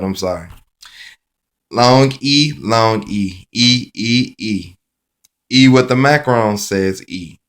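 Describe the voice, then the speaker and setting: Male phonics teacher, slightly low voice, unhurried sing-song drilling of letter sounds. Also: fairly bright tone. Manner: chanting sound cards in a sing-song rhythm; slow, deliberate, repetitive.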